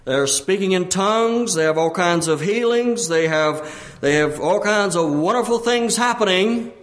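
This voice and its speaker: A man preaching a sermon as pastor, often repeating his phrases and clearing his throat, his pitch climbing when he exhorts. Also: animated, unhurried. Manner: frequent throat clearing and restarts.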